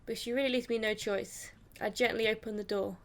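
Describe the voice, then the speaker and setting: High-voiced young woman reading a game aloud. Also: fairly even intonation, brisk, slight background noise. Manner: reads the story dramatically in first person, with swearing reactions. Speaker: gaming YouTuber. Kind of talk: let's play, reading game text aloud.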